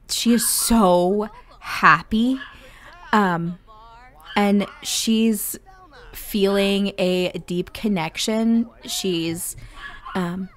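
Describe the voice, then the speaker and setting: A woman casually narrating a life-simulation game, chatty and full of ums. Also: medium pitch. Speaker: gameplay narrator.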